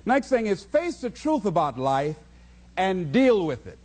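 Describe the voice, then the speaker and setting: A man's voice: high voice, very animated, a little slow, darkish tone. A man giving a motivational speech in a preachy, rhythmic way, repeating key phrases. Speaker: motivational speaker.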